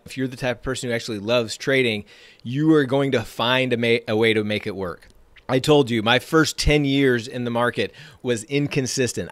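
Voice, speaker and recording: Male trading-podcast host, upbeat motivational talker, punchy repetition, average pitch, dead-dry recording. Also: no room sound. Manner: energetic, emphatic, repeats phrases for effect.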